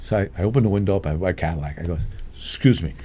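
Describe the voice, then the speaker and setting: Speaking low and racing along, an older male guest storyteller spins street tales in a relaxed conversation. He animatedly imitates the characters' voices and laughs to himself frequently.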